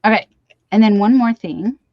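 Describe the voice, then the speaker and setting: A woman hosting a casual livestream, gushing and gasping with excitement as she unboxes gifts. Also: medium pitch, moderate pace, no room sound. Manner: gushing, excitable, many gasps and exclamations. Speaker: livestream host. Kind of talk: casual live chat while unboxing gifts. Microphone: webcam or desk mic on a video stream. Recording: dull dry stream audio.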